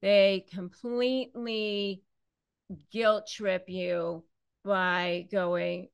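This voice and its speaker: Gravelly, unhurried woman giving advice. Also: medium pitch, fairly bright tone, no echo. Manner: conversational, repeats herself, acts out quoted lines. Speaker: host. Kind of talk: direct-to-camera advice talk.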